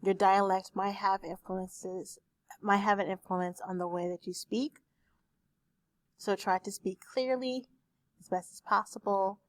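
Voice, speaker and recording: A woman speech teacher recording a lecture for her class on a desktop microphone, explaining terms slowly with examples. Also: medium pitch, steady tone, no echo. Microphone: desktop USB microphone.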